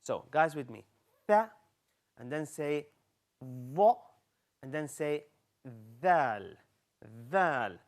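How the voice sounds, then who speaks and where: Lively male teacher coaching young kids. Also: fairly high pitch. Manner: lively, coaxing, speaks directly to kids; slow, exaggerated sound drills. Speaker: children's Quran teacher. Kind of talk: live children's TV lesson.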